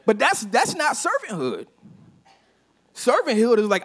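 A man preaching a sermon as a pastor, telling a personal story in a casual, conversational way and often dropping to a soft, low voice for emphasis. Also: huge pitch swings, measured pace, slightly rough. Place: church sanctuary.

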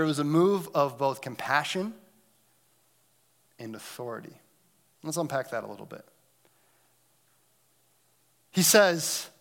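A male preacher delivering a sermon with a somewhat high voice. He rises to loud, emphatic lines and then sinks into quiet, nearly whispered passages. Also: animated, measured pace, pauses often. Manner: dynamic preaching, swings between loud emphasis and hushed near-whispers. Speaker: pastor.

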